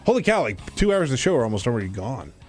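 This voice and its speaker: Lively joking radio host, a man. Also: medium pitch, very fast, faint music behind. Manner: joking, self-deprecating, laughs often. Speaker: fill-in radio talk show host. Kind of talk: casual studio banter. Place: radio studio.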